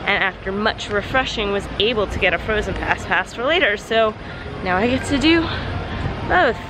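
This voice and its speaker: A young woman vlogging in a casual, excited way, full of fillers, her voice croaky from just waking up. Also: medium pitch, normal speed. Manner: chatty, excited, lots of fillers. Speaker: travel vlogger. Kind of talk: casual vlog chat. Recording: noisy outdoor street background.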